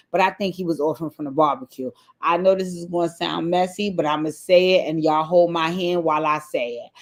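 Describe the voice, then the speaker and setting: A woman giving a casual, animated recap of a reality TV episode to her viewers, chatty and free with swearing, acting out the people she quotes. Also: low voice.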